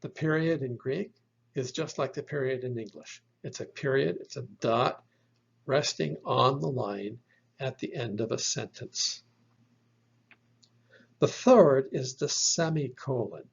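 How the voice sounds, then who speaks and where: A man walks through a slide lesson at an unhurried pace, patient and a little halting with his fillers. His voice is gravelly and husky. The recording sounds dull and lo-fi. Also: medium pitch. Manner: slow, patient explaining with fillers. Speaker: Bible language teacher. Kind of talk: slide lecture.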